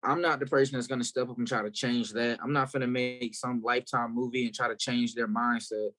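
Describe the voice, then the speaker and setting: A man from South Carolina, a guest musician in a casual interview, telling stories in a candid, animated way. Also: mid-range voice, fairly quick.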